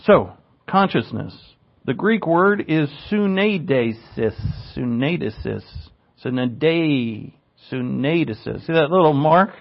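A man's voice: on the high side, expressive, unhurried, vocal fry. A male pastor teaching a verse-by-verse sermon in a conversational way, with asides, self-corrections and emphasis that rises on key words. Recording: dull lo-fi recording.

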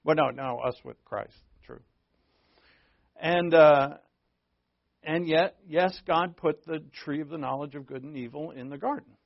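A man preaches a sermon to his congregation in an easy, conversational manner, throwing in jokes along the way. His voice sits a little higher than most men's. The recording is muffled and lo-fi, probably from a church. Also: measured pace, creaky. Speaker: pastor. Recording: dull lo-fi recording.

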